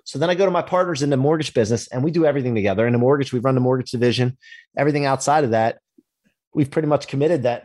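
A man with a slightly husky voice tells a personal business story in a loose, casual interview. He is animated, acts out the dialogue, and swears now and then. The sound is close and dry, with no room around it. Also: mid-range voice, rapid-fire, no echo. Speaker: podcast guest, entrepreneur.

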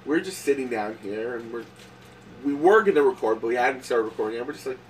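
A man tells his story in a laid-back, halting way, pausing on filler words. He sits a little back from the mic, with faint room noise behind him. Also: medium pitch, expressive, distant mic, rough recording. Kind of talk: casual chat.

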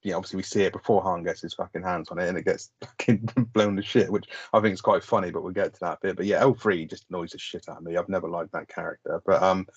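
Male co-host, husky, dry-miked, dull lo-fi sound, rambling casual chat. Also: low-pitched, fairly even intonation, fast talker, few pauses, no echo. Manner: rambling, sweary, lots of "like". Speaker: podcast co-host. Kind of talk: casual film review chat.

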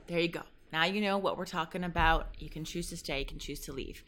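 Woman, podcast host, slightly low voice, casual chat, frequent laughs, swears, close mic. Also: moderate pace, long pauses, a bit bright. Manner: chatty, swears freely, laughs often. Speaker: podcast host and pleasure coach. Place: home office with a fan running. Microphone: sensitive studio mic up close.

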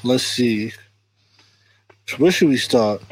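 A man's voice: mid-range voice, lively intonation, takes it slowly, darkish tone, slight background noise. A man hosting a podcast in casual chat, joking around and often adding "you feel me". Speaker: podcast host.

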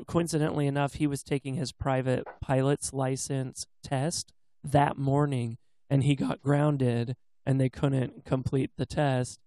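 A man's voice: mid-range voice, darkish tone, no room sound. A man in his thirties from the US West Coast, chatting casually and rambling through a childhood story. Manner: rambling storyteller, imitates voices. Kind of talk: casual chat.

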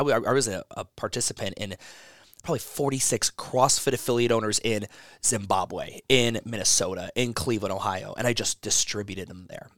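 A man's voice: lowish voice, a bit bright, no room sound, clean studio sound. A man who runs a gym consulting business talks casually in an interview, rambling with frequent restarts and swearing freely.

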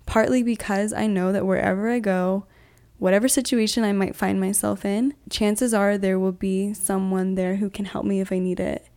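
A woman's voice: mid-range voice, steady tone, normal speed, darkish tone, clear, resonant tone. A young woman chatting as a podcast guest, telling travel stories in an upbeat way, with lots of "like". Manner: chatty, upbeat, heavy use of "like". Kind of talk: casual podcast storytelling.

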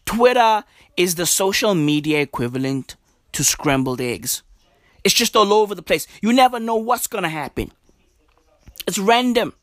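A young man ranting casually to camera in slangy, profane, exasperated commentary. He drops into low mutters and then jumps up high for emphasis. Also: fairly bright tone, dry recording, studio quality. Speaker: vlogger.

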